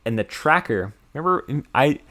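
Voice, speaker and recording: An American man in his young adult years talks through a movie plot in loose, casual chat. He rambles with plenty of "like" fillers and restarts, at an ordinary mid pitch. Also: animated, moderate pace, sharp tone. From United States.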